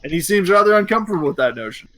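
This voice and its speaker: Man game master with a bright voice. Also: high voice, rapid-fire. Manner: relaxed, casual narration with fillers. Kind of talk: narrating a tabletop game.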